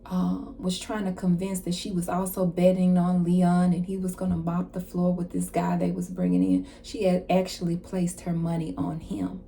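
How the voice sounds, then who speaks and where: A woman card reader giving a casual channeled message, retelling a story in an animated way with slang and asides. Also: lowish voice, normal speed, hardly any pauses.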